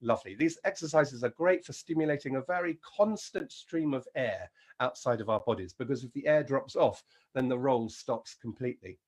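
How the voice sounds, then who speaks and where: A man with an English accent leading an encouraging vocal warm-up lesson as a singing teacher. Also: mid-range voice, normal speed, few pauses. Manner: encouraging, demonstrates sounds and sings.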